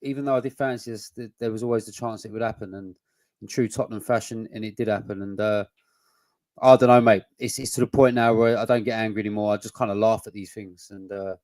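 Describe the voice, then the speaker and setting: Sweary low-voiced man. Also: fairly even intonation, quick pace, darkish tone, no echo. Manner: blunt and sweary, rambling with restarts. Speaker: podcast co-host. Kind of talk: casual football chat.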